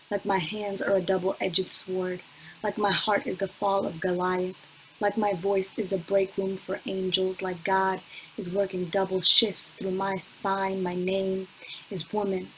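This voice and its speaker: Slow, even-voiced young woman poet. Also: mid-range voice, a little hiss or hum, low-quality recording. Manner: slow, measured delivery with long pauses, chatty with fillers between poems. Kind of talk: spoken word poetry reading. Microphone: computer mic on a video call.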